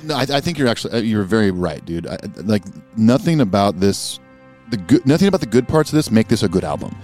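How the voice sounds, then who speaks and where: Man, fast and lively, easygoing host; faint music behind. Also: lowish voice. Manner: easygoing, agreeable, keeps time. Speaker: podcast host. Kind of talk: casual chat reviewing an album.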